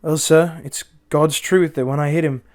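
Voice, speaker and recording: A man voicing a young working-class Cockney bellboy who calls everyone "sir" and speaks in rough grammar. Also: fairly high pitch, steady tone, moderate pace, a little mellow, voice pushed up, close to an everyday voice. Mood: frightened. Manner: dropped grammar, deferential "sir" after every phrase. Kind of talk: audiobook character voice.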